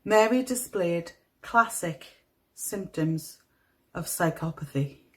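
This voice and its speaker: A woman with a toned-down Northeast English accent narrating a true crime story in a measured, somber manner. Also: lowish voice, expressive, a bit bright, poor audio. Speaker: podcast host.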